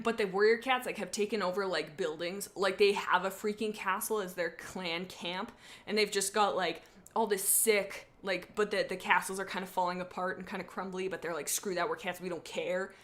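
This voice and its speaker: Young female streamer, mid-range voice, bubbly and giggly, wanders off on tangents while reading aloud. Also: mid-range voice. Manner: excitable, giggly, rambling tangents. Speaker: streamer reading fan fiction. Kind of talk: casual live-stream reading.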